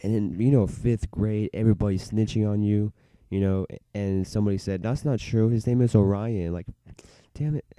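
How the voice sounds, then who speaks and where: A young man rambles through a personal story in a very low, deep voice with a dark, mellow tone. His speech is smooth and resonant, loose and filler-heavy, broken up by laughs. The sound is close and dry. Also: no room sound. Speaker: vlogger. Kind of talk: casual storytelling.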